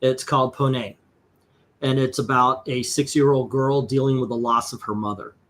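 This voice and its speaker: A man's voice: mid-range voice, fairly even intonation, moderate pace, a bit bright. A man hosting a comics channel in casual chat, rambling with lots of fillers and frequent swearing.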